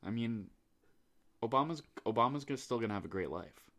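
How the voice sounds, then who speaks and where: An easygoing man co-hosting a casual podcast, his speech lively and swinging up and down in pitch. He keeps the banter loose and good-humored. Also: fairly quick. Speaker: podcast co-host. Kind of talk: casual comedic chat.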